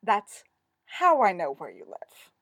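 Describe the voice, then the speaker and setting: A woman's voice: mid-range voice, very animated, slow, a bit bright, no room sound, clean studio sound, exaggerated voice. A woman voicing a firm, no-nonsense female festival business director in a story reading. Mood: stern. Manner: firm, sternly patient.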